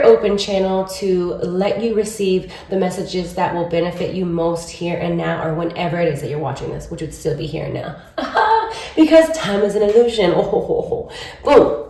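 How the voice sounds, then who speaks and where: A woman's voice: medium pitch, a little mellow, roomy sound. A woman giving a casual tarot reading, chatty and rambling, often checking in with "okay?". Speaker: tarot reader. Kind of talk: casual spiritual reading to camera.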